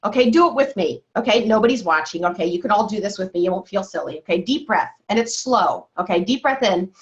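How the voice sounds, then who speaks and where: A woman's voice: medium pitch, a bit bright. Woman health coach on a lo-fi call. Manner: coaching tone, keeps asking "okay?". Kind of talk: teaching a wellness call. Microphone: video call. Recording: dull lo-fi video call audio.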